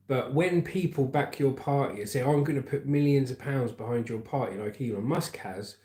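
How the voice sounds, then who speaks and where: A man's voice: mid-range voice, dark tone, echoey room. A man with a southern English accent hosting a casual livestream, reading viewer comments aloud and chatting back with a friendly, laid-back manner. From England. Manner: chatty, calls viewers mate, laughs at comments. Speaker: livestream news host.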